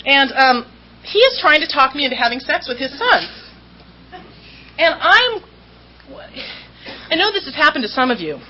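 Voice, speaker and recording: At a recovery meeting, a woman tells her story to the audience candidly and self-mockingly, often laughing as she talks. Her high-pitched voice swings widely at a normal pace with long pauses, on a slightly dull recording with a faint hum behind it.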